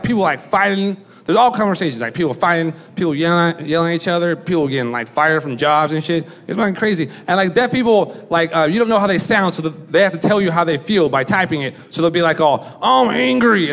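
A man's voice: high voice, fairly bright tone. A young man doing a stand-up comedy set, rambling and profane, often laughing at his own jokes. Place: comedy club stage. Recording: live club recording with audience noise. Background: audience laughter and chatter.

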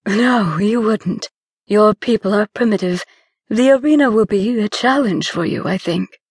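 A woman voicing a soft-spoken formal alien woman. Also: medium pitch, a little slow, breathy edge, no room sound, clean studio sound. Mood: serene, formal. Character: calm, formal alien woman warrior with antlers.

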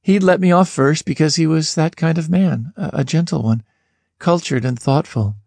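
Expressive male audiobook narrator, dry sound. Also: moderate pace, vocal fry, dry recording. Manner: expressive, lifts pitch sharply on questions. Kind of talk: scripted first-person narration.

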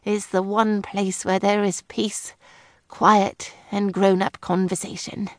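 Woman playing a put-upon headmaster, sighing, slow, long-suffering, audiobook figure. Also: mid-range voice, flat delivery, dry recording, studio quality, natural voice. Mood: weary. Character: weary henpecked male headmaster, long-suffering.

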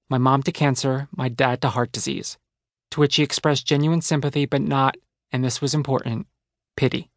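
A man tells his own story as an audiobook narrator, with a wry, conversational delivery. His voice sits in a middle pitch. The booth recording is close and dry, with no room sound. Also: no room sound. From New Jersey. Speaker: author narrating his memoir. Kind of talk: memoir narration. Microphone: close studio mic.

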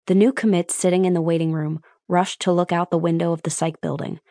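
An audiobook narrator with a lowish female voice reads a scripted suspense story in a steady, measured way. The recording is close and very dry, with no room sound at all.

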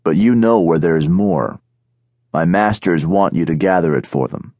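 A man voicing a gruff, mocking heavy-set caravan guard in an audiobook. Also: sits low, measured pace, dark tone, dry recording.

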